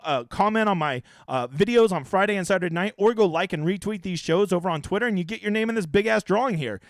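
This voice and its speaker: A man's voice: high-pitched, dry recording, studio quality. A young man hosting a fantasy sports live stream, brash, profane and hyped-up.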